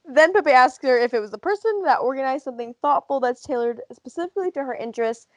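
A woman's voice: high-pitched, fast, no room sound. A woman co-hosting a casual podcast chat, recapping a show and laughing often. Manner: lively recap with frequent laughs and fillers. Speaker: podcast co-host.

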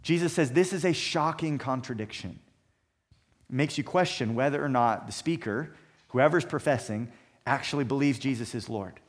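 A man preaching a sermon, emphatic and measured, building points through repeated phrases. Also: mid-range voice. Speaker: pastor.

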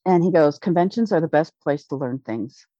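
A middle-aged woman telling a rambling story in casual conversation, excited and full of restarts. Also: low-pitched, fairly quick, dry recording. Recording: dull lo-fi dry recording.

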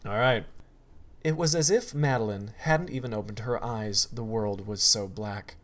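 A man's voice: on the low side, measured pace, a bit bright. A man co-hosting a show, bantering casually and wryly before introducing the next story. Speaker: podcast co-host.

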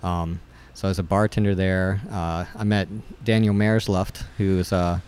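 Low-voiced rambling man. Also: steady tone, moderate pace, a little mellow, clean tone. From West Virginia. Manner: rambling storyteller with many fillers and restarts. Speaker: brewer and guest. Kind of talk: casual conversation.

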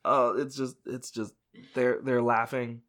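A man's voice: medium pitch, little pitch movement, measured pace, a bit bright. A man co-hosting a chatty podcast, explaining his topic in a rambling way with many restarts. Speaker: podcast co-host presenting a topic. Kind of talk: casual chat.

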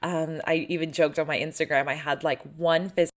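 A woman's voice: low-pitched, steady tone, moderate pace. A young woman coaching viewers on manifesting love, chatty and earnest with plenty of fillers. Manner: chatty and earnest, with many fillers and little laughs. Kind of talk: casual talk to camera.

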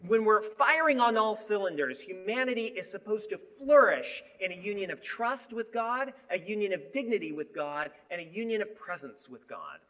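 Animated man preaching a lively sermon. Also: high voice, normal speed, few pauses. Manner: animated, shifting between emphatic and hushed.

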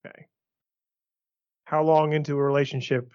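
A man's voice: on the high side, level tone, normal speed, warm tone, no room sound, highs cut off. A man co-hosting a casual podcast, putting questions to the others. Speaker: podcast co-host. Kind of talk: casual chat.

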